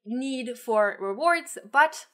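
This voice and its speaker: A woman explaining pronunciation to camera as a language teacher, clear and patient, saying example words slowly. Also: high-pitched, lively intonation, a bit bright.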